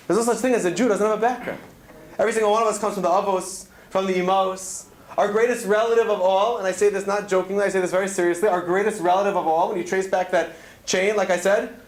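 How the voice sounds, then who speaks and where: Earnest man, fairly high voice, storytelling Torah talk, roomy hall echo. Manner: earnest storytelling, weaving in Hebrew terms. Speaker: speaker at a student event. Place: event hall.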